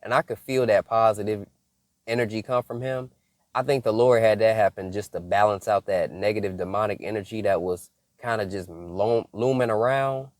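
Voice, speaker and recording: A young man from Michigan telling a casual story as a faith vlogger, animated, laughing often and breaking into mock-scolding asides. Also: lowish voice, normal speed, no room sound, studio quality.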